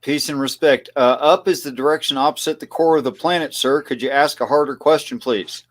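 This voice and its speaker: A man calling in to a live stream for a casual chat, with joking, deadpan quips. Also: mid-range voice, fairly quick. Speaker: caller.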